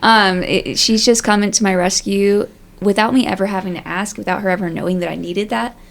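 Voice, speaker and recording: Her mid-range voice stays steady and carries vocal fry as she speaks a little fast. She's a young panelist on a faith podcast, sharing an emotional personal story chattily, with lots of "like"s and filler words.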